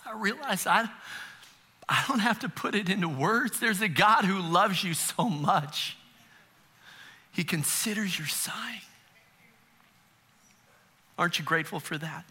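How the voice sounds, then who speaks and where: A man's voice: sits high, normal speed, pushed and bright, breathy edge. A middle-aged man preaching a sermon as pastor, conversational and humorous, with frequent rhetorical questions.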